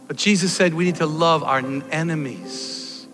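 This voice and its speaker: Animated preacher in an echoing hall. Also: male voice, fairly high pitch, measured pace. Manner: animated, shouting at peaks. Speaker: pastor. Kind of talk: sermon. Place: church hall. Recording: long hall reverb, faint music.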